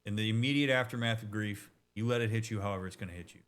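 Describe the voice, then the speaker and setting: A man who works as a therapist, talking over a game in a casual, explanatory way, direct and emphatic, with quick asides and restarts. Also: fairly low pitch, fairly bright tone.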